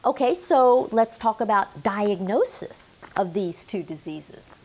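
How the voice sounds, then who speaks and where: A woman's voice: mid-range voice, expressive, slow pace, a little mellow. A middle-aged woman teaching a health lesson straight to camera, emphatic and quizzing the viewer. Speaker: menopause health educator.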